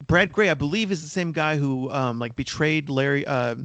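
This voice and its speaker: A man's voice: on the high side, normal speed, a bit bright, a little hiss or hum. A man co-hosting a podcast in casual discussion, rambling and restarting sentences, coughing now and then. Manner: rambling, repeats words when starting sentences. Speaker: podcast co-host.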